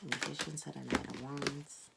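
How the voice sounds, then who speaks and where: Woman, low and very gravelly voice, blunt casual tarot reader, noisy recording. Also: steady tone, moderate pace. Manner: candid and blunt, swears, addresses viewers as "baby" and "cat".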